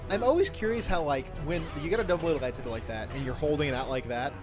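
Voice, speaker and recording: A man's voice: a little high, lively intonation, fast talker, music in the background. Joking man in a casual chat. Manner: crude, joking, rambling. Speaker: co-host.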